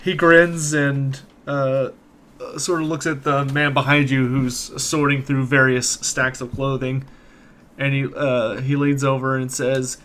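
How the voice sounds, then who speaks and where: Relaxed male game master. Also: medium pitch, unhurried. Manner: relaxed, with frequent fillers. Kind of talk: narrating a tabletop game.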